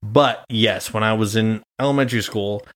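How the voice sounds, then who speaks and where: A man's voice: lowish voice, moderate pace, a bit bright. A young man from Nebraska, a podcast host, chatting casually and swearing freely as he tells family stories. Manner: swears freely, storytelling with quoted voices. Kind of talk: casual chat.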